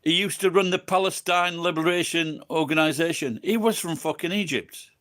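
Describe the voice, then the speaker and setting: A man's voice: fairly high pitch, normal speed, a bit bright. An English man with an English accent, tipsy and rambling, swearing constantly as he chats with viewers on a livestream. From England. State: tipsy from drinking. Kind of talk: rambling casual chat.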